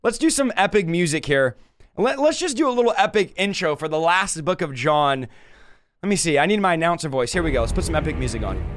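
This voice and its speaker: A man with a high-pitched voice leads a Bible study with lively, dramatic energy. He talks casually and playfully to his audience as the show's host. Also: brisk. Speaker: podcast host and Bible teacher.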